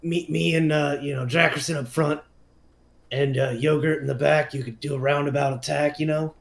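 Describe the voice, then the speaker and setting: A man's voice: on the high side, steady tone, moderate pace, gravelly. A man playing a tabletop game, talking casually and hesitantly with many fillers. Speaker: player.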